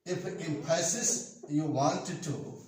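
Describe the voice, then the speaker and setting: An older man from India, a retired English teacher, explaining grammar slowly at a whiteboard with an Indian English accent and many hesitant pauses. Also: a little high, a little mellow, a little hiss or hum. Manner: slow, repetitive explaining with frequent hesitations. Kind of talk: classroom grammar lesson. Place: classroom with whiteboard. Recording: echoey room, far from the mic.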